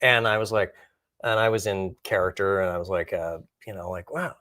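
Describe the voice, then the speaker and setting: Animated man telling a rambling anecdote. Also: deep voice, a little fast, no room sound. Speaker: guest actor. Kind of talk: casual storytelling.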